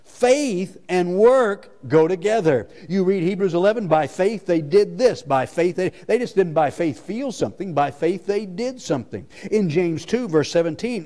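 A man's voice: sits high, lively intonation, normal speed, hardly any pauses, mellow. A male pastor preaching a sermon with emphasis, repeating his key lines.

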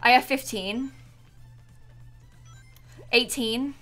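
A young adult woman streaming a game and chatting casually, excitable, often squealing and laughing. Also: on the high side, drawn-out words, soft background music. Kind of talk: casual gaming chat.

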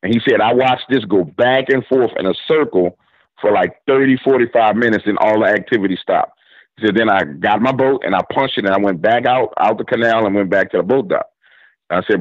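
Lowish-voiced New Orleans man telling stories. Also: a little fast, dry recording. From New Orleans, Louisiana. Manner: retells story with quoted back-and-forth dialogue, drawling casual slang. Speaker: guest storyteller. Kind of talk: casual storytelling interview. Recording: dull lo-fi radio audio.

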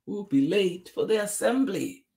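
A man doing a high-voiced hurried teacher. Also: animated, darkish tone, recorded from a distance. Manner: high, sing-song, urgent calls. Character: busy schoolteacher hurrying the class.

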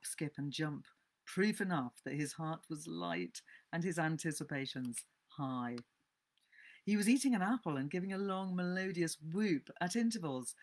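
A woman reading a classic novel aloud and commenting on it, in an expressive storytelling manner. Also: low-pitched. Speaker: book vlogger.

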